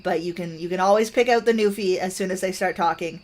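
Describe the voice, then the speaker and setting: A woman's voice: lowish voice, quick pace, darkish tone. Woman, Canadian accent, game streamer, loose thoughtful rambling chat. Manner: rambling, thoughtful, many fillers and restarts. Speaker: gaming streamer. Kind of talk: casual chat while playing a game.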